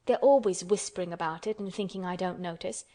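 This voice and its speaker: A woman's voice: fairly low pitch, fairly quick, dark tone, natural voice. A woman voicing a sickly, spoiled young boy who asks petulant, anxious questions. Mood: resentful.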